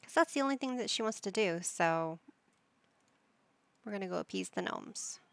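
A woman's voice: medium pitch, expressive, normal speed, vocal fry, fairly bright tone, no echo. A woman giving casual gameplay commentary, chatty and coaxing, talking to her characters like a parent would. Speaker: gaming YouTuber.

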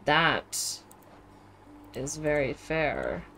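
A woman streaming a game from home, reacting aloud in casual, expressive commentary full of exclamations. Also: low-pitched, extremely slow, slight background noise. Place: home with webcam.

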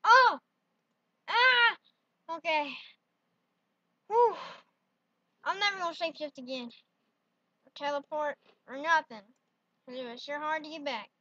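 A woman's voice: sits high, moderate pace, long pauses, fairly bright tone, no echo. A woman hosting a playful solo vlog, talking in a giggly, silly way full of exclamations. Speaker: vlogger. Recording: dull lo-fi dry sound.

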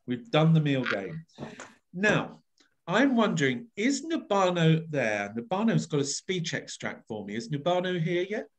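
A man's voice: a little high, big pitch swings, a little slow. A man leading an online voice workshop over a video call, coaxing the group and acting out each phrase with big, exaggerated expression. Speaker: voice workshop leader.

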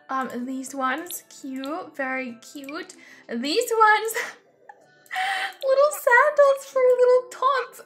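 A young woman reviewing a video game in excitable, gushing commentary, often gasping with delight. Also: high-pitched. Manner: gushing and excitable, frequent gasps. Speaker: gaming YouTuber.

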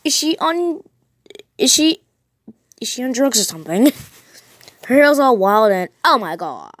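Woman reading panicky teen girl, frightened, questioning, higher voice, dry close sound. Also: sing-song, a little slow, dry recording. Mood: scared. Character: frightened teenage girl home alone. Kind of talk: reading a text-message horror story aloud.

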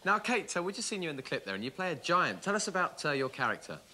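A man's voice: on the high side, big pitch swings, quick pace, bright, forceful tone. A man presenting a children's TV show, bouncy and jokey as he introduces guests. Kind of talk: lively studio presenting.

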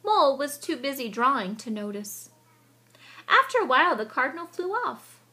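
With a voice that sits high and a normal speaking speed, a woman brings a children's picture book to life, occasionally stopping to explain what's happening.

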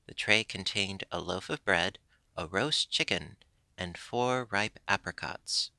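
A man reading a classic children's story aloud as narration, steady and expressive. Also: low voice, slow pace, no room sound. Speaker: audiobook reader.

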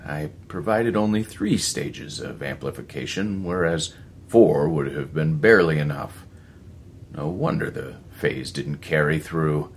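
A male narrator with a bass voice plays an older scientist as a storybook figure, intense and commanding, lecturing in a slightly halting, brusque way. A little hiss or hum sits under the recording.

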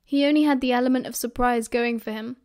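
A woman with a British accent narrating an audiobook in a steady, expressive storytelling manner. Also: on the high side, fast, smooth. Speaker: audiobook reader.

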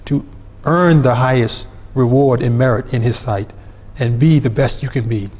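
A man's voice: mid-range voice, moderate pace. A man speaking as a guest on a panel, explaining religious ideas earnestly and with emphasis. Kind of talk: religious discussion. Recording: dull sound with long reverb.

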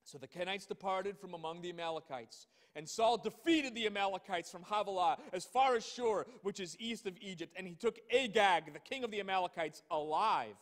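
A man with a high voice preaches, reading scripture with slow emphasis and stopping to ask pointed rhetorical questions. His voice rings out with a long hall reverb. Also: fairly bright tone. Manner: reads scripture slowly and emphatically, then comments with rhetorical questions. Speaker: pastor.

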